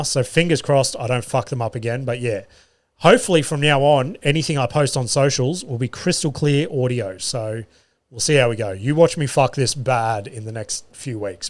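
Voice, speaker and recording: An Australian man, a comedian hosting his own podcast, telling stories in a chatty, self-mocking way with plenty of swearing. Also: mid-range voice. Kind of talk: casual solo podcast storytelling. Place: podcast studio.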